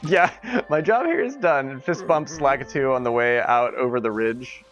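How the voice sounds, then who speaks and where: A man's voice: medium pitch, normal speed, a bit bright, dull audio, soft background music. A man streaming a game, chatting casually with his viewers in giggly, rambling asides. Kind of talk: casual live-stream chat.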